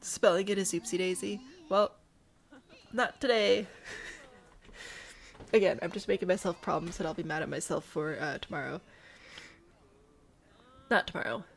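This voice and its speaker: A woman's voice: fairly low pitch, moderate pace, creaky, pauses often. A woman with a Midwestern accent, casually commenting on a life-sim game for live viewers and cracking jokes as she plays. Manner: playful, jokey, chatting with live viewers. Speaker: let's play streamer.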